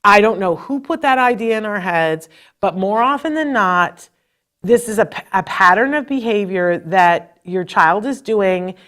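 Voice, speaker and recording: A woman's voice: medium pitch, a little slow, fairly bright tone. A middle-aged woman hosting a live parenting advice show, telling stories with animation and speaking straight to her viewers. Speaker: host.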